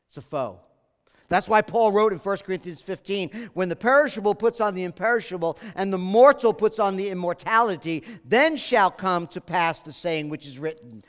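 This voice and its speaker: A man's voice: high-pitched, a bit bright, in a large hall. A man preaching a sermon as pastor, earnest and emphatic, repeating his key phrases.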